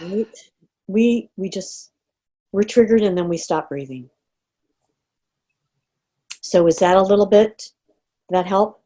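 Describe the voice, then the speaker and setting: Animated lady coach on a video call, acting out reactions. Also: medium pitch, takes it slowly, pauses often. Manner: animated, acts out inner reactions. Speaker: coach running a group session. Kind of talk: online group coaching call.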